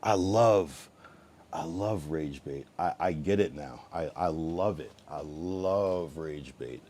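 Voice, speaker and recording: A young man livestreaming, chatting to viewers in a rambling, profane way, swinging from mutters to loud taunts. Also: very deep voice, slow pace, slight background noise. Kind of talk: casual live-stream chat reacting to viewers.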